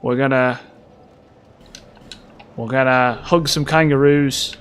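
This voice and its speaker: A man's voice: mid-range voice, steady tone, takes it slowly, fairly bright tone, smooth. A man putting on a goofy, easygoing Australian bloke with a mock Australian accent. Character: laid-back male Australian bloke out with his mates.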